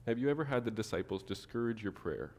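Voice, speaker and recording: A man preaching a sermon to his church, animated, acting out the people he quotes. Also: mid-range voice, fast talker, long reverb tail. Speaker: pastor.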